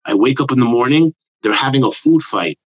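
A comedian guest from the New York area tells a meandering, profane story on a casual podcast, speaking fairly quickly in a mid-range voice. He acts out quotes in put-on voices. The sound is dull and lo-fi, dry with no room sound.

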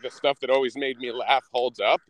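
A man's voice: mid-range voice, fairly even intonation, brisk, a bit bright, no room sound, rough recording. A man co-hosting a podcast in casual chat, adding brief remarks. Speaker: podcast co-host.

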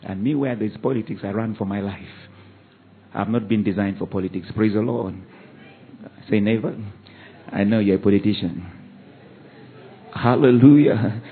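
A male pastor preaching a sermon, leading the congregation in call-and-response and swinging from loud exhortation to quiet asides. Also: fairly low pitch, normal speed, long pauses. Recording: phone-like narrow band.

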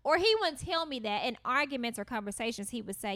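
A woman's voice: high-pitched, sing-song, fairly quick, few pauses, a bit bright, no room sound, clean studio sound. A woman co-hosting a couples podcast, telling stories casually and quoting her husband. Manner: chatty storytelling, quotes her husband. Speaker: podcast co-host.

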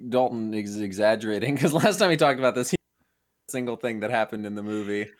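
A man's voice: on the low side, lively intonation, fairly quick, dry recording, studio quality. A young man co-hosting a casual movie podcast, playful and teasing, fond of goofy wordplay. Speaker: podcast co-host.

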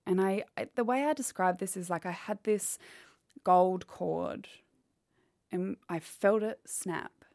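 A woman's voice: mid-range voice, slow pace, a little mellow, no room sound, clean studio sound. A woman, telling a painful personal story candidly in an interview. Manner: candid, quotes others as she retells. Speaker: guest.

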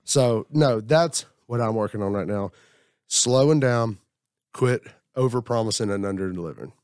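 At a table in casual group talk, a man rambles through his week, reflecting on himself and acting out what other people said. His voice sits on the low side and is a little mellow and smooth, at a normal speed. The recording is dry, with clean studio sound.

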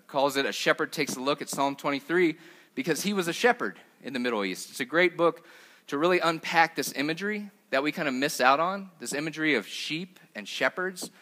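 Young male pastor, bright tone, casual preaching with lots of "uh"s. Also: medium pitch. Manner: conversational preaching with frequent "uh" fillers. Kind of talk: sermon.

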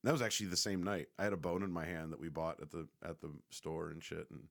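A man's voice: sits low, steady tone, quick pace, creaky. A man casually telling a rambling, profane, joking story to the camera.

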